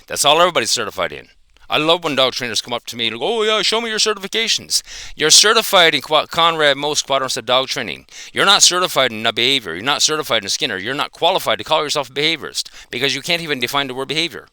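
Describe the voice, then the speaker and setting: A man's voice: mid-range voice, animated, fast talker, pushed and bright, clean tone, no echo, studio quality. A man giving an angry, profane reaction commentary, confronting another dog trainer.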